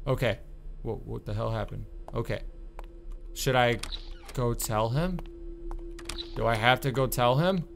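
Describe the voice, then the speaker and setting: A man doing let's-play commentary on a horror game, exasperated and swearing, with sudden loud outbursts. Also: medium pitch, measured pace, vocal fry, pauses often, faint music behind. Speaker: gaming YouTuber.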